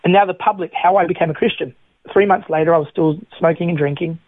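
Talking fast in a slightly high voice, a middle-aged man delivers his testimony as a guest, acting out each quoted line like an animated storyteller. It's a dry recording with a tinny phone-line sound.

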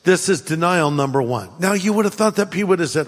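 High-voiced, animated Californian pastor. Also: male voice, fast talker, few pauses, long reverb tail. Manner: conversational, humorous, animated storytelling. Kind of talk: sermon.

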